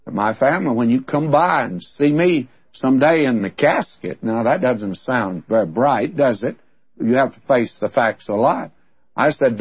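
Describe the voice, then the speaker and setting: A man's voice: mid-range voice, slightly rough, no echo. An older man preaching a sermon, telling stories and stressing key words. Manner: storytelling, emphatic on key words. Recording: muffled lo-fi sermon recording.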